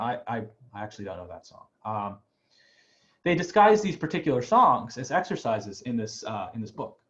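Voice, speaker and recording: Man, music professor, online class, chatty, tags lines with "right?", lively pitch, dull video-call sound. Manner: loose, chatty, asks "right?" often.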